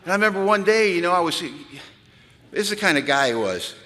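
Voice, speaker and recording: A man giving a humorous storytelling talk at a large event, animated and comic, acting out the voices in his stories. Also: sits high, quick pace. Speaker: recovery speaker. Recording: live talk in a reverberant hall.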